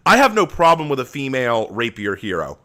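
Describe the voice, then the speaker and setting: A man's voice: mid-range voice, a little fast. A young man live-streaming, reading chat aloud and answering with joking, rambling banter. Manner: animated, joking, rambling with frequent repeats.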